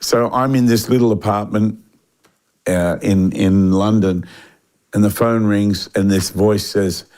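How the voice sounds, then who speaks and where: An older Australian man in a relaxed interview, his voice sitting a little low. He tells long stories with restarts and lively quoted voices. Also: measured pace, clean tone. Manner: animated storyteller, acts out quoted voices, frequent restarts. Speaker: guest musician.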